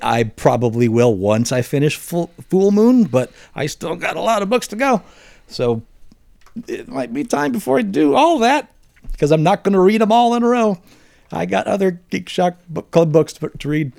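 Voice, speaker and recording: A man hosting a casual podcast, reading listener mail in a relaxed way with casual swearing. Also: fairly high pitch, normal speed, creaky, dry recording, clean studio sound. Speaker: podcast host.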